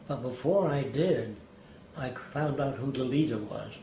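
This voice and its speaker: An elderly man recounts stories with emphasis, slipping into the voices of those he quotes. His pitch sits in the middle range. The room around him is echoey, with a faint background hiss. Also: measured pace, mellow. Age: older. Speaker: interviewee. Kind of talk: anecdotal storytelling. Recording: roomy echo, faint noise.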